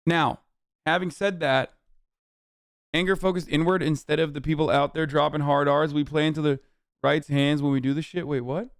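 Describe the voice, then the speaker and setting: A man's voice: a little high, fairly even intonation, normal speed, clear, resonant tone, no echo. A man streaming reaction commentary, ranting in a heated, profane and sarcastic way into a close mic. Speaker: live streamer.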